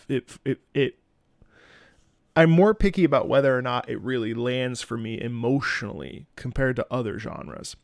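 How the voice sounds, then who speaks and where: A laid-back man chats about music on his stream, swearing freely and tripping over his own sentences. His voice is gravelly with a mid pitch. The sound is dry and close, with no room around it. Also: no echo. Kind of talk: casual commentary over game music.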